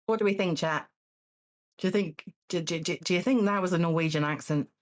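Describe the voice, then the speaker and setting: A woman hosting a live-streamed game show, halting and full of fillers, with dry teasing asides. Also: on the low side. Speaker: game show host judging contestants.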